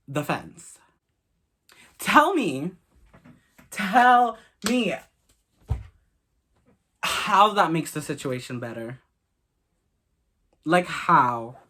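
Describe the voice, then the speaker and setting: A man's voice: mid-range voice, a bit bright. A young man vlogger telling a story casually, blunt and crude, swearing often.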